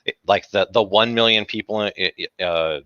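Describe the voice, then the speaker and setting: Man, very low voice, stubborn debate guest, lo-fi dry recording. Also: bright, forceful tone, no room sound. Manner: stubborn, dry sarcasm, halting restarts. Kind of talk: heated online debate. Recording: dull lo-fi dry mic.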